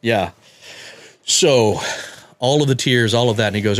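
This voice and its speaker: A man telling a personal story on a podcast, halting and repeating words as he acts out what people said. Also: mid-range voice, a bit bright, no room sound. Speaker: guest telling his story.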